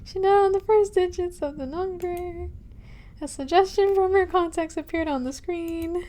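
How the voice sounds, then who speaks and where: High-voiced woman streamer, jittery. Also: normal speed, dark tone. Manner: reads on-screen game text aloud, breaking into nervous laughter. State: anxious and jumpy. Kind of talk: horror game let's play. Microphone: headphones with mic.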